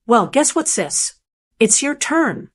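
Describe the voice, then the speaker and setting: Pushy sneering brother guy, a lady reading him, kinda high voice. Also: big pitch swings, slow, breathy edge, heavily acted. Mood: angry. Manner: mocking, pushy. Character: scheming middle-aged man, bullying brother.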